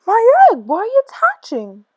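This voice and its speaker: Woman doing a steadfast gentle elephant. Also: medium pitch, lively intonation, dry recording. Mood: excited. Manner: firm, earnest, measured. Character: faithful gentle male elephant, steady and earnest.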